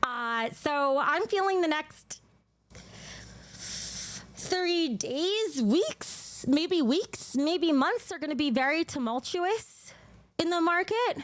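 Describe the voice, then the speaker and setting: High-pitched young woman doing tarot readings live, chatty, dry close mic. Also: animated, slow pace, dry recording. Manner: chatty, reads viewer names and pulls cards aloud. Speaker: psychic tarot reader streaming live. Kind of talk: casual livestream chat.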